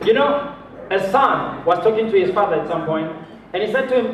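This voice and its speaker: Motivational speaker, man from South Africa, high and animated, heard from afar in a big echoey hall. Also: a little fast, a little hiss or hum. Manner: animated, acts out voices of others, chuckles often. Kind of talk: motivational talk to a live audience. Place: large hall with an audience. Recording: distant, roomy, dull hall recording.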